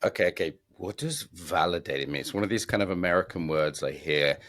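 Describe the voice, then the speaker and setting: A man's voice: low voice, expressive, a little fast, a bit bright, dry recording. A British man hosting a podcast, asking questions in a joking, self-deprecating way. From Britain. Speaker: podcast host. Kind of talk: casual interview chat.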